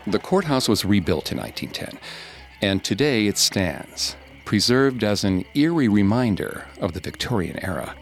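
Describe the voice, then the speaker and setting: A man, a podcast host, reading scripted horror narration in a slow, hushed, suspenseful way. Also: on the low side. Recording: studio narration over faint music.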